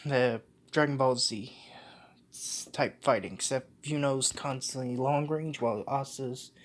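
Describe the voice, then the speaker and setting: A man's voice: medium pitch, unhurried. A man casually retelling a fan-made story off the cuff, full of restarts and self-corrections. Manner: casual, slangy.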